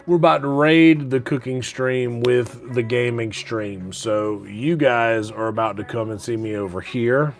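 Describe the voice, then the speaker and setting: This man's medium-pitched voice stays steady and unhurried, with few pauses and faint music in the background. He's livestreaming from his kitchen at home late at night, talking in a loose, rambling way full of fillers and keeping it hushed so he won't wake the roommates sleeping nearby.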